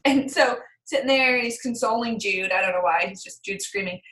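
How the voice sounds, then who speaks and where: Chatty bright-voiced woman, echoey room. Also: fairly high pitch, normal speed. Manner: chatty, animated storytelling with acted quotes. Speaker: group call member. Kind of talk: casual chat.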